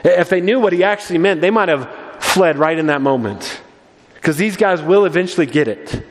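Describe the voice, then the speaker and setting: A male pastor preaching in a church sanctuary, telling the story in an animated way and often stumbling over repeated words. His voice sits high, and the hall gives it a long, ringing reverb. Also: moderate pace. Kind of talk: sermon.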